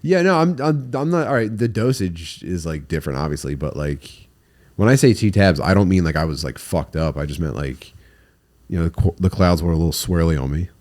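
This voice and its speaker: A man co-hosting a podcast, chatting bluntly, halting and swearing. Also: low-pitched, animated, darkish tone. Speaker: podcast co-host. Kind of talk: casual chat.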